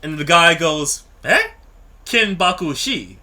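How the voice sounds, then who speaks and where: A young man with a very bright, sharp tone and a slightly high voice chatting casually as a podcast co-host. He laughs often and tells stories, quoting the people in them. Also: normal speed. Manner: laughs a lot, tells stories with acted quotes. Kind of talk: casual chat.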